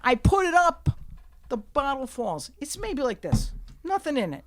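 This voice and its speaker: A woman comedian telling stories on a podcast, profane and animated, jumping to shouts when she acts out scenes, recorded in a studio. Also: sits high, measured pace, no room sound. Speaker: guest comedian. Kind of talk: storytelling in a podcast conversation.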